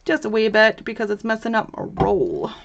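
Hosting a crafting livestream, a young woman chats bubbly and very animated with viewers as she works, laughing often. Her medium-pitched voice is gravelly, her pace moderate, and the audio sounds dull.

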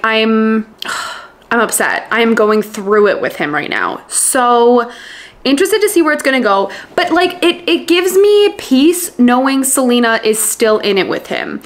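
A book vlogger, a woman with a slightly high voice, talks in a loose, chatty way. She gushes freely and fills her sentences with fillers. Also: sing-song, unhurried. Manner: gushing, chatty, many fillers. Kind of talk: casual reading vlog chat.

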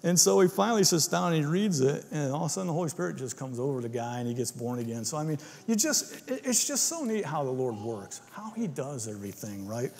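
A man's voice: fairly high pitch, very animated, quick pace, creaky, few pauses, a little mellow, in a large hall. A man preaching a casual, conversational sermon in a church, often tagging his points with "right?". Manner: informal, keeps asking "right?". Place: church sanctuary.

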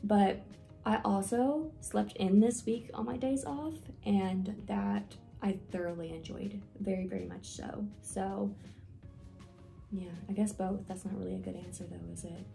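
A woman's voice: medium pitch, fairly even intonation, unhurried, vocal fry, dark tone, soft background music. A young woman talking casually in a get-to-know-me vlog, rambling with lots of fillers and self-deprecating asides. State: nervous, with hiccups. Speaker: vlogger.

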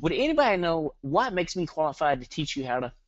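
Presenting a live marketing webinar online, a Southern-accented man bursts with hyperactive energy and throws rhetorical questions at viewers. He talks fast in a slightly high voice, recorded dry with no echo and dull-sounding audio.

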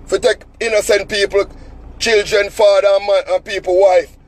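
A man's voice: high-pitched, level tone, moderate pace, low-quality recording. A Jamaican man telling a story as an angry, cussing rant in heavy patois, sitting in a car. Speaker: vlogger.

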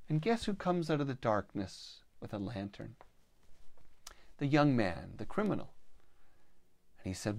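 A man telling a parable at a spiritual gathering, slow and measured, voicing the characters as he goes. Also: medium pitch, creaky, no echo. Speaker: storyteller. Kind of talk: spoken storytelling at a spiritual gathering.

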